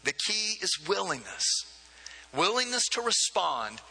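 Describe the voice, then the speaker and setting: A man's voice: high voice, big pitch swings, unhurried, creaky, pushed and bright, husky. A man preaching a sermon as pastor, in a conversational way with frequent asides and repeated words. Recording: long hall reverb.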